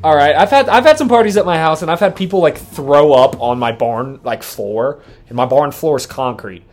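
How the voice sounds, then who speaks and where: Boastful young man, swinging loud and high. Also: expressive, normal speed. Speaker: podcast co-host. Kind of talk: casual podcast chat.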